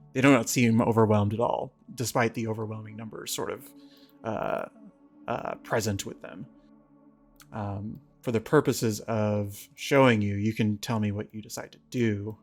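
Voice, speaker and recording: A man running a tabletop game as game master, narrating in a relaxed, halting way with many fillers. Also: fairly low pitch.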